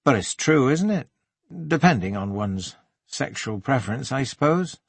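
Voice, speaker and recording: A male narrator voicing a gentle, soft-spoken theatre man with a wry, evasive manner, in an audiobook. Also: mid-range voice, very animated, normal speed, vocal fry, breathy edge, no echo, full character voice. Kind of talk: audiobook character voice.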